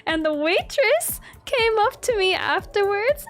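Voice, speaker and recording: A woman's voice: very high voice, lively intonation, a little slow, long pauses, soft background music. A young woman streamer chatting casually, laughing often and swearing freely.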